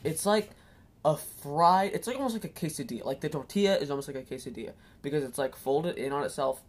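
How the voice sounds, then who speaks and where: Low-voiced giggly woman podcast host. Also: animated, fast talker, darkish tone. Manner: giggly, rambling storyteller. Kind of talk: casual chat.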